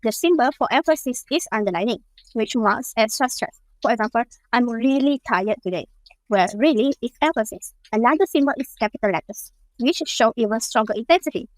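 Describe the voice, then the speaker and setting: A woman's voice: a little high, lively intonation, fairly quick, dry recording, rough recording. A young woman from Malaysia, a university student, reading her part of a class presentation. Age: young adult. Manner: reads steadily from slides.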